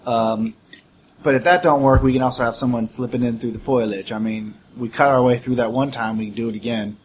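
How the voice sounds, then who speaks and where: A man's voice: mid-range voice, steady tone, brisk, slight background noise. A man playing a tabletop game, rambling and joking as he lays out plans. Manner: rambling, joking, lots of fillers. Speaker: player. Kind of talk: casual tabletop game chat.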